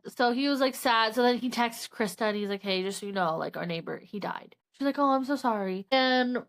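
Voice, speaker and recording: A woman's voice: on the high side, fairly bright tone, smooth. A young woman co-hosting a podcast, casually retelling a book's plot, acting out the characters' lines and swearing freely. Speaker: podcast co-host. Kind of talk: casual book recap chat.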